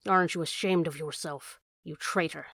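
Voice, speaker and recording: A woman voicing a wounded male fox who begs quietly and then hisses with bitter contempt, in a storybook reading. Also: lowish voice, animated, quick pace, slightly rough, dry recording, studio quality, full character voice. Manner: pleading, then hissing with contempt.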